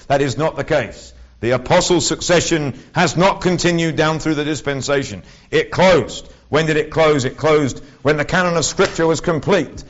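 A man preaching a sermon in a conversational way, with wry asides and frequent restarts. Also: mid-range voice. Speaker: lay preacher. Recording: dull lo-fi recording.

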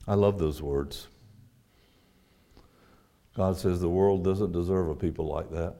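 A man delivers a sermon in a low, mellow voice. He is earnest, rising to emphatic peaks before falling back to quiet reflection. He reads scripture in a measured, steady cadence. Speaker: preacher.

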